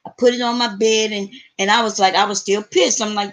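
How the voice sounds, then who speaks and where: A woman hosting a live stream, telling a story to her chat in an animated, profane way and laughing often. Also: medium pitch, fairly quick, hardly any pauses.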